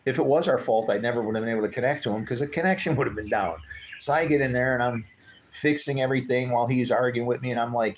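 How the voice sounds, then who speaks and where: A man in an easy mid-pitched voice, chatting on his own live stream. He tells stories loosely and acts out the people in them, his voice leaping up when he quotes them. A faint hum sits behind him. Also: racing. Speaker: livestream host. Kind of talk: casual storytelling chat.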